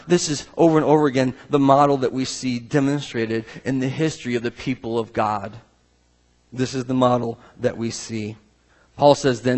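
A male pastor preaching an earnest, emphatic sermon, often restarting his sentences. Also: medium pitch.

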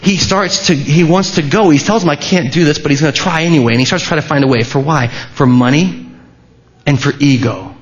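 A man's voice: fairly high pitch, fairly quick. A man preaching a sermon as a pastor, in a conversational way with restarts and asides. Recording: dull, lo-fi sermon recording.

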